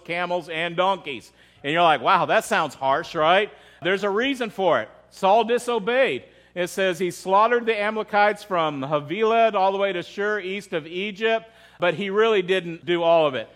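Preaching as pastor, a man with a high, fairly bright voice keeps his sermon conversational. He frequently puts questions to the congregation and restarts his phrases.

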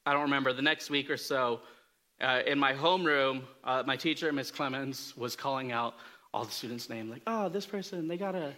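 His voice sits at medium pitch, steady in tone, pushed and bright, moving at a moderate pace. As a preacher he delivers a chatty storytelling sermon, joking at his own expense while leaning on fillers and restarts.

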